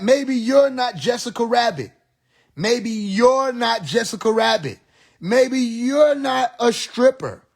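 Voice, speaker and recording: A man's voice: sits high, gravelly. A man hosting a live stream, talking in a preachy, profane monologue and laughing at his own jokes.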